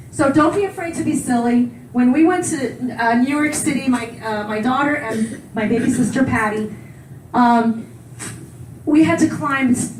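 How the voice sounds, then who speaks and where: A woman's voice: fairly high pitch, slight background noise. A woman in her forties giving a conference keynote, telling personal stories in a chatty way, laughing often and acting out the voices she quotes. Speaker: keynote speaker. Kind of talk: conference talk, personal storytelling. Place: conference hall. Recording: echoey hall, heard from far off.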